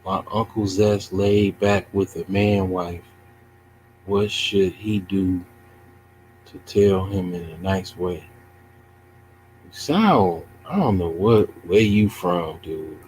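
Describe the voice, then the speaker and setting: A man who streams chess and mocks a viewer, asking drawn-out questions in a teasing way. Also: deep voice, darkish tone, a little hiss or hum, low-quality recording. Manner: mocking, taunting, drawn-out questions. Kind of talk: casual livestream chat.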